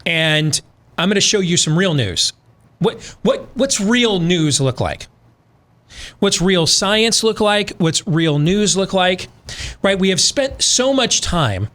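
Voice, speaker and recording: A male talk radio host with a slightly high voice, leaning on rhetorical questions in a loose, emphatic monologue. He shifts easily into a sponsor read without losing the conversational tone. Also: fairly bright tone.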